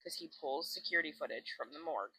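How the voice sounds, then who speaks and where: A woman's voice: low-pitched, animated, fast talker, vocal fry, sharp tone. A woman co-hosting a casual podcast, retelling a story in a rush of "like" and swear words. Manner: breathless retelling full of "like", swears freely. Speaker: podcast co-host. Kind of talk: casual chat.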